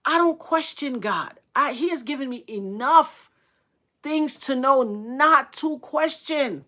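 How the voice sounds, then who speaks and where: This middle-aged woman speaks slowly with lively intonation as she recounts a story on a livestream. Her telling is earnest and dramatic, with repeated phrases for emphasis and sudden loud, high outbursts when she imitates others.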